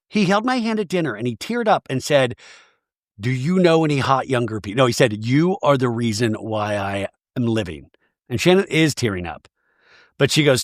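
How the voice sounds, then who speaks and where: A man's voice: mid-range voice, expressive, fairly quick, no echo, studio quality. A man hosting a comedic recap podcast, sarcastic and mimicking quotes in exaggerated voices. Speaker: podcast host recapping a reality show.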